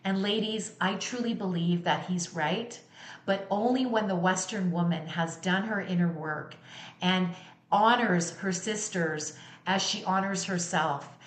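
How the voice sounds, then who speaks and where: A woman's voice: lowish voice, a little slow, roomy sound. Blunt, emphatic middle-aged woman speaker. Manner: candid, emphatic, blunt with profanity. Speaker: summit speaker and sound healer. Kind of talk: motivational talk.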